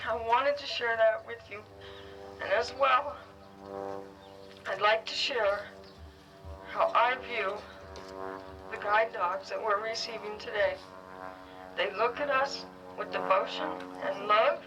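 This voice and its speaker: A woman's voice: a little high, pushed and bright, lo-fi sound, faint music behind. Earnest woman speaking from a distance. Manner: earnest, delivered in short halting phrases. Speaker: guide dog school graduate giving a speech. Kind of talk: heartfelt graduation speech. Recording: distant, faintly noisy ceremony recording.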